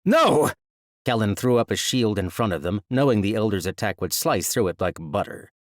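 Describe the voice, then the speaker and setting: A man narrating a fantasy audiobook in a measured, even storytelling manner, recorded close on a studio mic. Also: on the low side, no echo.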